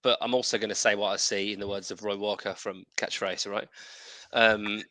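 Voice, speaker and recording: A man's voice: on the low side, level tone, normal speed, pushed and bright, no room sound. A man co-hosting a casual football podcast, talking in emphatic, repeated phrases. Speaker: podcast co-host.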